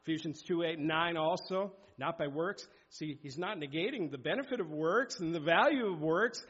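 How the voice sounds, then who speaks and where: A man's voice: on the high side, brisk, fairly bright tone, slightly rough. Male preacher, sermon delivery, emphatic, dull lo-fi sound. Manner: emphatic, exhorting, reads scripture aloud. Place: church sanctuary.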